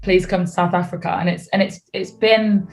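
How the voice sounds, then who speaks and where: Chatty British young woman, lowish voice. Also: fairly quick. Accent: British English. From United Kingdom. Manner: relaxed, chatty, laughs easily. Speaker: singer guest. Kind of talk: radio interview. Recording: faint music behind.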